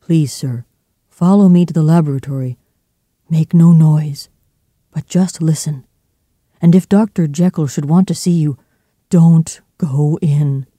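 A man's voice: a little high, fairly even intonation, measured pace, long pauses, warm tone, no room sound, clean studio sound. A man doing a frightened old butler. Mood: urgent. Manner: pleading, shaken, urgent.

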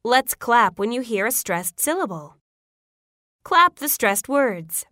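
A woman reading out classroom phrases as a pronunciation teacher, clear and deliberate. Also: fairly high pitch, big pitch swings, pushed and bright, dry recording, studio quality.

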